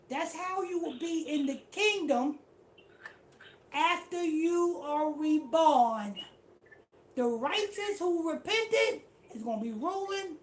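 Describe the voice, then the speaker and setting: A woman's voice: high-pitched, a little hiss or hum. A woman teaching a street-style scripture class in slangy, repetitive talk. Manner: slangy, repetitive, keeps saying "you know what I'm saying".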